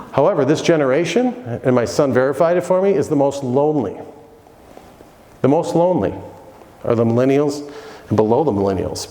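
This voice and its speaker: Animated man speaking in an echoey hall. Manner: animated storyteller, swings between loud highs and low asides. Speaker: keynote speaker. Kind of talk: motivational keynote talk. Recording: echoey hall, long reverb.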